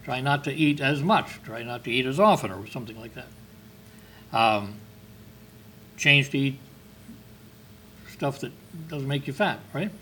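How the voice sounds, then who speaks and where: A man's voice: medium pitch, expressive, a little slow, long pauses, sharp tone, a little hiss or hum. A man preaching a sermon in a conversational way, asking his listeners questions and reading scripture aloud. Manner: conversational preaching with rhetorical questions and emphatic lifts; reads scripture in King James wording.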